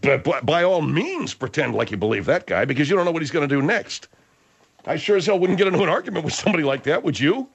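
An excitable male radio host whose pitch leaps around as he argues. He talks fast and gets worked up in a comedy talk show. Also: gravelly, slightly rough. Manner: excitable, argumentative.

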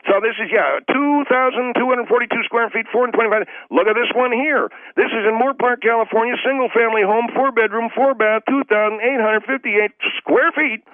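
A man doing a frantic high-voiced pitchman on a phone line. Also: fairly quick, hardly any pauses, dry recording. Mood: desperate. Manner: rambling, desperate hard sell. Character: frantic over-the-top male real estate pitchman. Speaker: infomercial pitchman. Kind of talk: comedy radio sketch. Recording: dry, dull lo-fi phone line.

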